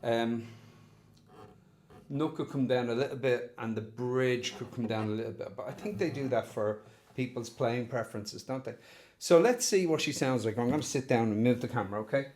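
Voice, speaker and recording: A man's voice: mid-range voice, normal speed, darkish tone. An Irish man chatting casually as he unboxes and looks over a guitar, thinking aloud with fond asides. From Ireland. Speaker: guitar reviewer.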